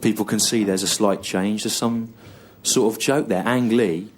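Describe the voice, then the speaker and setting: A man in his thirties with an English accent, telling a long story on stage in a slow, halting deadpan style full of pauses and repetition. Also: fairly low pitch, slight background noise. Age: 30s. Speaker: stand-up comedian. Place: comedy venue on stage with audience laughter.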